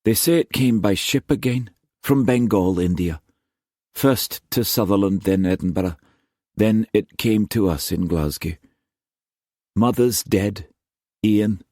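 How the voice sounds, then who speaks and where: A man's voice: fairly low pitch, dry recording, clean studio sound, pitched above the performer's own voice. A man voicing a frail young man in an audiobook, speaking dully in a thin, weary voice. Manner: dull, flat, weary. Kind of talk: audiobook character voice.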